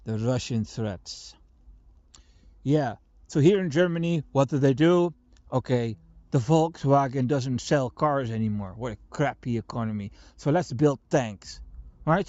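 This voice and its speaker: A man delivering a profane, mocking political rant, swinging between loud outbursts and low muttering. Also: dry recording. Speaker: political commentator. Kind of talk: ranting monologue. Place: Germany.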